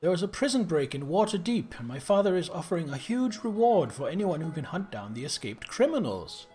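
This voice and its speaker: A high, gushing young girl who is restless and bored with her small town, as a man puts her on. She pours out breathless enthusiasm with a lively, bouncing pitch, and faint music plays behind her. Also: a little fast. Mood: eager. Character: excitable bored young girl, mayor's daughter.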